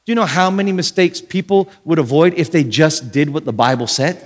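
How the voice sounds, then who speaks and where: Man, preacher, high voice, dramatic gasps and shouts, long hall reverb. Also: brisk. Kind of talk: sermon.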